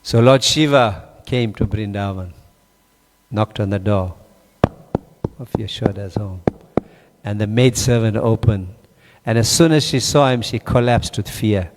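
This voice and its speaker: A man's voice: fairly low pitch, unhurried, pauses often. A man giving a scripture class, telling a story with animation and quizzing his listeners. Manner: animated, questions the audience. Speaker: class speaker. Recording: long hall reverb.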